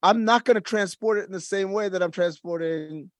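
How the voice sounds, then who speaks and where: A man's voice: high-pitched, brisk, no room sound, studio quality. A man in casual conversation, explaining his views earnestly and making his point through comparisons. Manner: earnest, explanatory, uses analogies.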